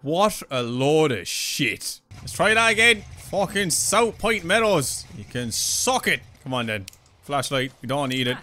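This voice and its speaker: A young Irish man playing a horror game, talking loudly and excitedly, swearing and yelping when startled. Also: a little high, measured pace, poor audio. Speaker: gaming YouTuber.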